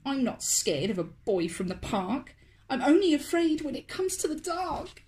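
A woman's voice: high voice, sing-song, measured pace, darkish tone, voice pushed up. A woman voicing a bold, huffy little girl in a children's storybook, speaking matter-of-factly.

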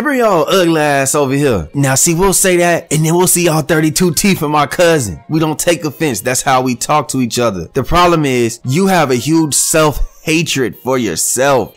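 A man with an Atlanta accent hosting a commentary vlog, blunt and mocking as he talks to the camera. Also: mid-range voice. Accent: Southern US, Atlanta. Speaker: commentary channel host.

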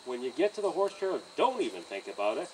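A man training a horse outdoors by a trailer, coaching a student in an encouraging, animated way and often laughing. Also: fairly high pitch, fast talker. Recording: distant outdoor mic with insect noise.

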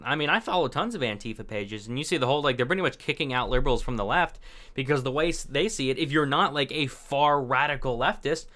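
A man's voice: fairly high pitch, brisk, bright, forceful tone. A young man hosting casual political commentary, reacting to articles in a chatty, sarcastic way with lots of filler words.

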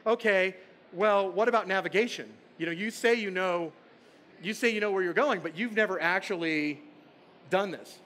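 A man's voice: sits high, moderate pace, fairly bright tone, a little hiss or hum. A man telling a story on stage voices a stern, demanding old king with a big beard, speaking in an imperious, questioning way.

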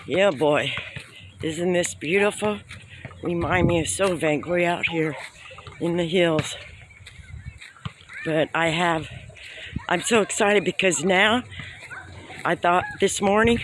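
A man vlogging casually while hiking up a steep hill, excited and out of breath. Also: high voice, slow, pauses often. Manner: excited, exclaiming often. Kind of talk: casual walking vlog. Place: outdoors on a steep hillside. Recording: outdoor wind and ambient noise. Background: birds and open-air noise.

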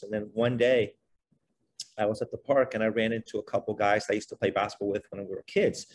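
A middle-aged man, a guest on a podcast, telling his life story in a relaxed, conversational way, filling his speech with "you know" and "like". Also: lowish voice, slight background noise. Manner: animated, fast-flowing, many fillers like "you know" and "like". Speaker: podcast guest, basketball trainer.

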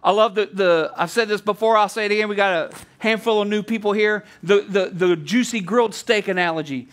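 Male pastor, very high voice, chatty sermon with asides. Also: a little fast, a bit bright. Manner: conversational preaching with asides and repeated restarts.

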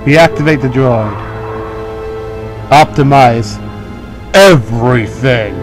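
A man with a slightly high voice chatting through a video game session, playful and quick to joke at his own expense. Faint game music runs underneath. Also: lively intonation, poor audio. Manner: joking, playful, laughs at himself. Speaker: let's play host. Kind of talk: casual gameplay commentary.

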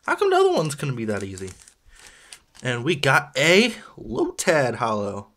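A man's voice: mid-range voice, wildly swooping pitch, moderate pace, fairly bright tone. A man chatting casually as he opens toy packs for a video, rambling and joking at his own expense. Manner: rambling, chatty, self-deprecating with small laughs. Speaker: toy unboxing vlogger. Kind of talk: casual unboxing chat.

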